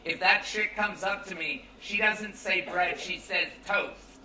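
A man's voice: sits high, fairly even intonation, a little slow, pushed and bright, reverberant, far from the mic, slight background noise, low-quality recording. A young American man preaching a youth sermon in a casual, joking, conversational way. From United States. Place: large tent at a campground.

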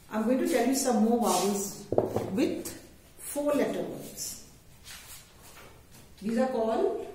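A woman's voice: fairly high pitch, mellow. A woman with an Indian English accent teaching a kindergarten phonics lesson, dictating words one at a time and repeating them in careful lists. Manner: deliberate word-by-word dictation, repeating each word in lists. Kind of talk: slow, drilled phonics lesson. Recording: echoey room, distant mic, faint hiss.

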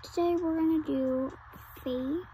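Her voice high, mellow, and steady, a gamer slowly narrates her role-play in loose, chatty fashion, heavy on "like" and "oh my goodness." The rough recording carries slight background noise.

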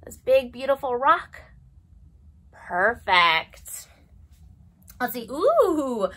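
A young woman leading a preschool story time as a librarian, animated and sing-song, gasping in mock surprise. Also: fairly high pitch, drawn-out words, pauses often. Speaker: children's librarian.

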